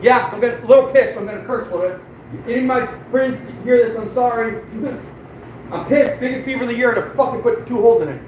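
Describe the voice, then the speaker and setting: An extremely high-pitched man speaks at a quick pace through phone-quality sound, from a distant mic in an echoey, noisy room. A fur trapper, he chats casually during a live-stream demonstration, swearing often and griping at himself in frustration and self-mockery.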